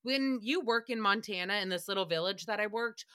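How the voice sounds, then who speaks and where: A woman's voice: mid-range voice, a little fast, clean tone, no echo, studio quality. Profane, sarcastic woman podcast host. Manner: breaks into loud laughs and squeals. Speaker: podcast host recapping a radio show. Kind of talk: casual comedic recap.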